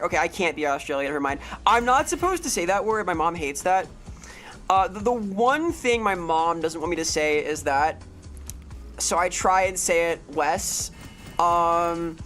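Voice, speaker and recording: A woman's voice: fairly low pitch, expressive, normal speed, fairly bright tone, faint music behind. Playful swearing woman game streamer. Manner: playful, rambling, swears freely, greets chat members. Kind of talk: live game streaming chat.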